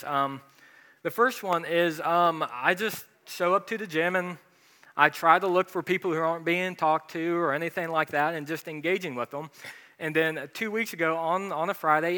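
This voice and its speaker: Male pastor, storytelling sermon, fairly high bright voice, self-mocking humor, long hall echo. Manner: humorous, self-deprecating anecdotes.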